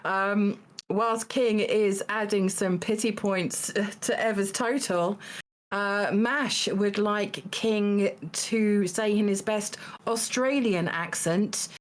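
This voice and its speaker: A woman hosting a charity live stream in casual banter, often halting and repeating words as she thinks. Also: mid-range voice. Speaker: host of a charity stream event.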